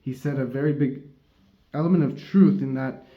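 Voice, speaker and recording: In a dull, roomy recording, a man speaks at normal speed in a mid-range voice, offering an informal religious lesson on the Torah. His talk wanders, with frequent self-corrections and laughter.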